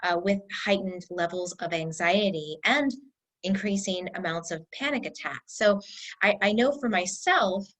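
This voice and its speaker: A woman herbalist speaking in a casual talking-head video, telling a personal story in a chatty, halting way with many fillers and restarts. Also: on the low side, a bit bright, poor audio. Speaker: herbalist teacher.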